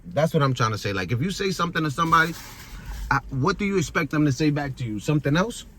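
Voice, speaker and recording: A man's voice: a little high, lively intonation, fast talker, a bit bright. A frustrated young man venting in a rambling monologue, repeating himself often, recorded outdoors in a busy public area.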